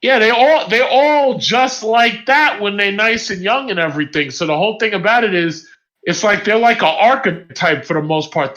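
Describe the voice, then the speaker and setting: Blunt high-voiced man. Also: bright, forceful tone. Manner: blunt, emphatic, repeats himself. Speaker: voice chat participant. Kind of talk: casual group voice chat. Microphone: online voice chat mic. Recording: muffled lo-fi voice chat audio.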